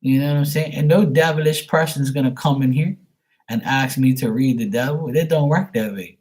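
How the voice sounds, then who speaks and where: A man's voice: medium pitch, fairly quick, darkish tone. Man, psychic stream host; blunt, rambling, profane, casual. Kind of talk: casual livestream talk.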